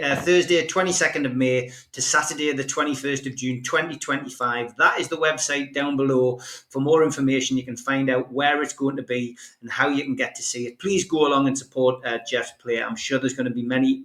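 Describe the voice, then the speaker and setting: A man hosting a fan podcast, wrapping up an interview in a friendly, halting way with lots of fillers. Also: medium pitch, roomy sound. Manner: warm, appreciative, halting with fillers. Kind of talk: casual interview wrap-up.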